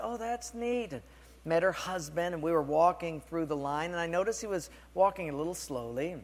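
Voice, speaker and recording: A male pastor with a notably high voice preaches a sermon. He tells stories animatedly, breaking off to address the congregation directly. A long reverb trails his words through the hall. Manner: storytelling, animated, with asides to the congregation.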